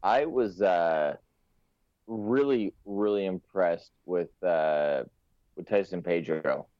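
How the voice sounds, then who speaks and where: A man co-hosts a casual podcast from home, rambling and restarting his sentences often. His voice sits a little low. The sound is dry and dull, like a lo-fi mic. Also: takes it slowly, dry recording. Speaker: podcast co-host. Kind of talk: casual chat.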